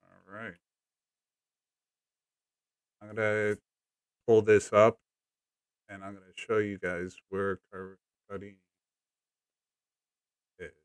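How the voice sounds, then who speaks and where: Livestream host, man, casual and repetitive greetings, lowish pitch, dry sound. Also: flat delivery, slow pace, long pauses, clear, resonant tone, dry recording. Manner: chatty, repeats greetings, coaching guest. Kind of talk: casual live chat.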